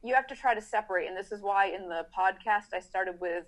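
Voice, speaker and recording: A middle-aged woman horse trainer, a podcast guest, explaining training in casual, animated chat and acting out riders' thoughts in quick asides. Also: mid-range voice.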